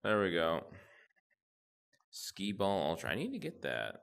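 A young man talks through his gameplay and swears freely, reacting to every moment. His voice sits very low, but it swoops widely up and down as he gets worked up. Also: a little slow, creaky. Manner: profane, excitable, talks to himself while playing. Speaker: gamer channel host. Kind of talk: gameplay commentary.

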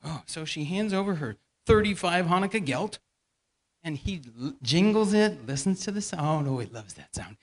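Lively high-voiced man leading a church skit. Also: normal speed. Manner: playful, directing volunteers and feeding them lines. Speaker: church elder teaching a Bible lesson. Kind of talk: interactive Bible lesson with a staged skit. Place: church hall before a congregation.

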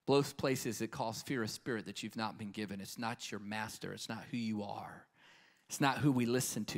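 A man preaching a live conference sermon, swinging passionately between hushed tones and booming declarations. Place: conference stage before a crowd.

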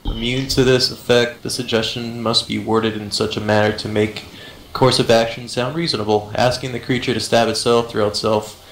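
Player type, mid-pitched man, hesitant, reads rules in a roomy-sounding room. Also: level tone, normal speed, a little hiss or hum. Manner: hesitant, many ums, reads out spell text. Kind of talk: casual game chat, reading rules aloud. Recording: roomy echo.

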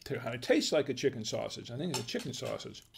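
A man's voice: mid-range voice, expressive, quick pace, gravelly, a little hiss or hum. A man hosting a casual wine tasting livestream, musing aloud in a hesitant, chatty way. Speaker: wine review show host.

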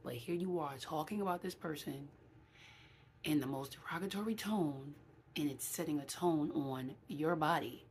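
A woman, speaking in a slightly low voice. She talks to the camera in a loose, animated way, with lots of ums along the way. A faint room hiss sits behind her. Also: moderate pace. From New York City. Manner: animated, acts out quoted voices, many fillers. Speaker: vlogger. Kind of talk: casual talk to camera.

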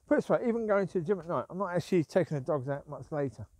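In this rambling walk-and-talk, a vlogger grumbles and repeats himself while walking his dogs outside at night. He talks at a racing pace in a fairly high, expressive, slightly mellow voice, with no echo.

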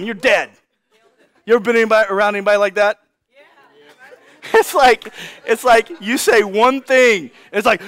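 A man with a high voice preaches to a congregation, retelling an old story in loose, modern slang. He slips into little voices for the people in it. The sound is dry and close. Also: moderate pace, long pauses, dry recording. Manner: lively storytelling, acting out characters in casual slang. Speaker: pastor. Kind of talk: sermon.

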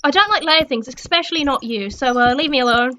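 A young woman playing a horror game, swearing a lot and jumping between frightened shrieks and low mutters. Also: quick pace, pushed and bright. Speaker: gaming streamer.

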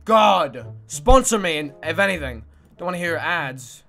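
A sleep-deprived man from Canada, chatting with his livestream viewers in an excitable, swearing way with sudden yelps. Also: a little high, unhurried, vocal fry, soft background music. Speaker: streamer. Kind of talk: livestream chat reading viewer messages.

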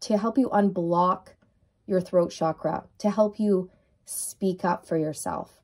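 Brief: woman tarot reader with a low, warm voice, gently affirming and repeating her reassurances. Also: slow pace. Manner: soothing, affirming, repetitive. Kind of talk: tarot card reading to viewers.

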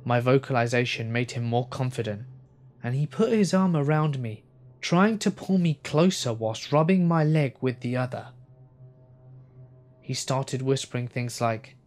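Slow-reading male horror narrator. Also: mid-range voice, darkish tone, soft background music. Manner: slow, subdued storytelling. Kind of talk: scripted narration of horror stories.

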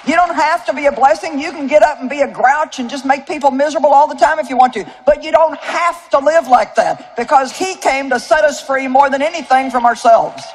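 A woman in her seventies preaching a sermon to a live audience, telling a story in a folksy, animated way with asides to the crowd. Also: high-pitched, brisk, hardly any pauses, slight background noise. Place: large auditorium with audience.

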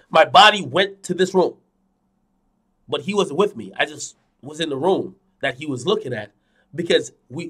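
A young man streaming, telling a dream to his viewers in a casual, animated way, swinging from loud to hushed, repeating phrases and swearing a lot. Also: fairly high pitch, husky. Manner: frequent fillers and profanity. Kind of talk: casual storytelling to a live audience.

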